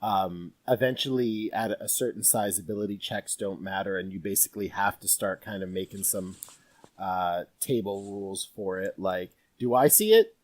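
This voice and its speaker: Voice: deep voice, fairly even intonation, moderate pace, dry recording. Wry joking voice in a dry room. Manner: wry, jokey interjections. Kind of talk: casual chat.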